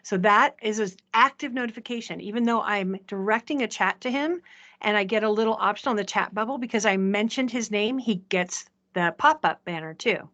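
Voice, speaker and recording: A woman presenting a software demo in a chatty way, often checking in with the audience. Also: medium pitch, brisk, highs cut off. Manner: chatty, asks "right?" often. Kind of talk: live software demo talk.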